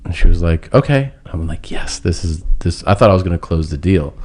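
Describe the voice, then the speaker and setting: A man with a low, slightly mellow voice tells a long, rambling personal story in a casual podcast chat. He speaks briskly and with animation, laughing now and then through his own tale.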